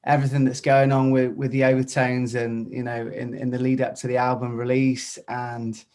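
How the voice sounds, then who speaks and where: A Welsh man, a singer and radio presenter, talking as a podcast guest in an upbeat, chatty way with loud, cheery greetings. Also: medium pitch, little pitch movement, moderate pace. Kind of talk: casual interview chat.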